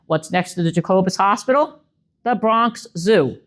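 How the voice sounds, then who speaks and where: Lively New woman telling animal stories. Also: mid-range voice, moderate pace. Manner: humorous storyteller, acts out animals in voices. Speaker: animal control officer giving a wildlife talk. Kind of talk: lively public presentation.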